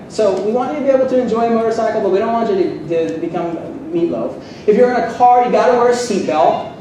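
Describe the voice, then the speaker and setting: A man's voice: high voice, dark tone, a little hiss or hum. A man giving a sarcastic, fired-up debate speech to a live audience at a seminary. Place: seminary hall. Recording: echoey hall, distant mic.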